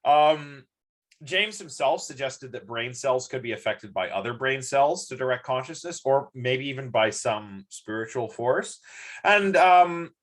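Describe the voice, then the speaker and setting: A man teaching a class over a live stream, talking in a loose, rambling way full of ums and restarts. His voice rises and falls in a lively, animated way. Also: mid-range voice, unhurried. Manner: chatty, rambling, many ums and restarts, sleepy yawns. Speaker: lecturer. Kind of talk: live-streamed university lecture.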